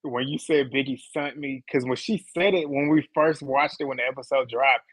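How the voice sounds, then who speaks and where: A man's voice: medium pitch, fairly quick, dry recording, rough recording. A man hosting a casual live reality show recap, blunt and laughing often. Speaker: host.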